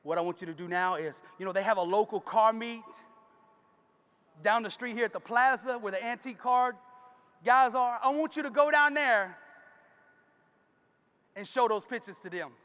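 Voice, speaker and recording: A man playing a calm, patient father who speaks softly and steadily to his daughter, within a speech from a stage. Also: high voice, moderate pace, long pauses, smooth, in a large hall. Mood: gentle.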